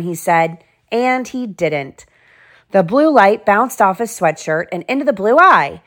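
At home, a mother reads a children's picture book aloud slowly and clearly in a lowish, expressive voice, adding little side remarks to her kids.

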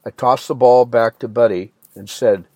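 A man tells a first-person story as an audiobook narrator, his voice sitting in an ordinary middle register. He reads in a plain, unhurried way and lifts his voice slightly when quoting dialogue. The recording is close and dry, with no room sound. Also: mid-range voice, steady tone, warm tone, dry recording.

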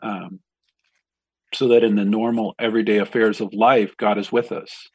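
Pastor guy talking scripture slow and thoughtful, kinda husky, dry close sound. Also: lowish voice, level tone, darkish tone, dry recording. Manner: reflective, measured, with frequent ums. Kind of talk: conversational Bible discussion.

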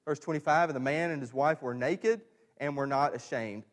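A middle-aged male pastor preaching a sermon, emphatic and repetitive, rising to loud stresses and dropping to quiet lows. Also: normal speed, in a large hall.

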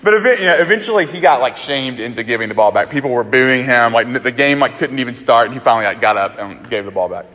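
This is a fast, nearly pause-free sermon from an Alabama pastor, his medium-pitched voice spinning a personal story in an animated, conversational way. The hall around him is echoey.

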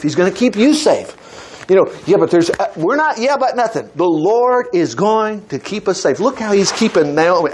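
A man reading a scripture story aloud to a group, stopping often to comment with enthusiastic asides and exclamations. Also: high-pitched. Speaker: Bible teacher.

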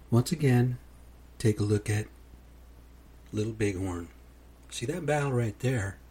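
A man with a low, dark voice that has a husky grain to it. He talks through a casual solo podcast in a loose, unhurried way, often closing his sentences with "man". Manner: laid-back, says "man" a lot. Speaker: podcast host.

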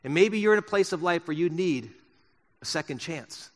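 A man preaching a sermon in a church, swinging from loud emphasis to soft, slow words. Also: a little high, animated, in a large hall. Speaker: pastor. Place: church sanctuary.

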